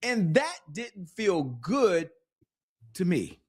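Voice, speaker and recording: Middle-aged male guest, lively storyteller, talks straight to the audience, voice a touch high and swinging. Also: drawn-out words, slightly rough. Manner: animated, preacher-like, addresses viewers directly. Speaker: guest, sales strategist. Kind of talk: energetic interview storytelling.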